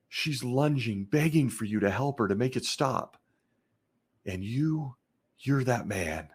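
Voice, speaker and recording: A man hosting a podcast, telling a disturbing story in a slow, intense monologue with heavy pauses. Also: medium pitch, lively intonation, slightly rough. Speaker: podcast host.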